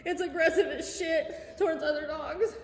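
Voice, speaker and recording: A woman making an agitated, tearful complaint in an office, panicking and loud, recorded on her phone. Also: very high voice, fairly even intonation, normal speed, echoey room, big-room sound. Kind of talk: heated confrontation filmed on phone. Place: indoors, apartment complex office. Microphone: phone camera.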